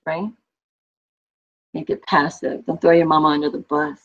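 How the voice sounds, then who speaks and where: A woman's voice: on the low side, a little fast, vocal fry. Chatty woman teaching a class, lo-fi. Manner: chatty, explains with examples and asides. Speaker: Spanish teacher. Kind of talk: online class instruction. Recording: dull lo-fi audio.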